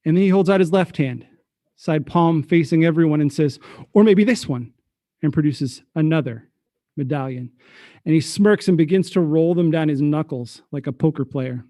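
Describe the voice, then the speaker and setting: A man narrating as game master for a tabletop game, relaxed and a little hesitant. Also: a little high, normal speed, no echo, studio quality.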